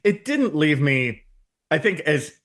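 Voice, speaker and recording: A man's voice: on the high side, sing-song, takes it slowly, fairly bright tone. Easygoing rambling man on a podcast. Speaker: podcast co-host. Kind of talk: casual chat.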